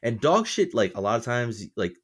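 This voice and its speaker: A man's voice: mid-range voice, big pitch swings, normal speed. A man chatting casually on a podcast, laughing often and swearing offhand. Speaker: podcast co-host. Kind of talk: casual chat.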